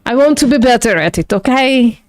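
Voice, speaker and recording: A woman's voice: on the high side, animated, a little fast, no room sound, clean studio sound. Self-mocking woman chatting on a live stream. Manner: casual, swears, laughs often, self-mocking. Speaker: livestream host studying logic. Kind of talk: casual live-stream chat.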